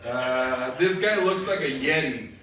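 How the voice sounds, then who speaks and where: Casual male open mic host, boomy room. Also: unhurried, a bit bright. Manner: casual, a little unsure, laughs at the jokes. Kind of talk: emceeing, reading roast comments from chat. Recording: echoey room, far from the mic, with noise.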